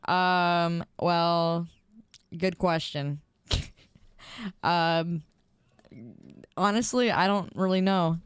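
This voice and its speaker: A woman's voice: on the low side, steady tone, drawn-out words, long pauses, clear, resonant tone, dry recording, clean studio sound. A young woman streamer in casual chat, reading viewer messages aloud and giggling often.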